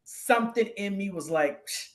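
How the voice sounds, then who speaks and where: A woman co-hosting a talk show recounts a personal story with open emotion. Her pitch sits at an ordinary middle height, and she slips into other people's voices when quoting them. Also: normal speed, a bit bright. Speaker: guest co-host. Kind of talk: casual chat.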